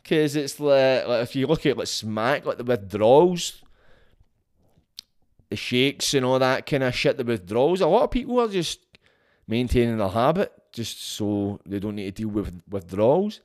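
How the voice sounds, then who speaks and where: A man's voice: mid-range voice, animated, moderate pace, a little mellow. A man hosting a solo podcast, talking casually in a blunt, frank way and swearing freely. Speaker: podcast host.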